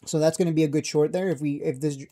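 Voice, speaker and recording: A man's voice: a little high, steady tone, quick pace, mellow. A man streaming casual stock market commentary, brash and joking, often laughing at his own jabs.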